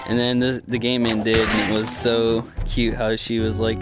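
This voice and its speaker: A man casually recapping a game he played, rambling and swearing, with sudden excited high-pitched outbursts. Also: moderate pace, hardly any pauses. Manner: rambling, profane, swings into excited high exclamations. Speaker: gaming storyteller. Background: loud background music.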